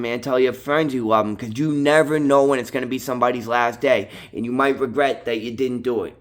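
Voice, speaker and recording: A vlogger from Massachusetts with a strong Boston accent rambles casually straight to camera, peppering his monologue with "bro" and "dude." His medium-pitched voice is steady in tone, fairly quick, and has hardly any pauses.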